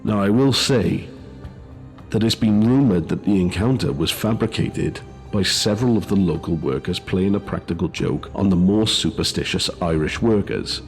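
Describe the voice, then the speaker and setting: A man narrating a scripted ghost story in a measured way, with dry asides. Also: low-pitched, vocal fry, soft background music. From Wales. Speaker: host and narrator.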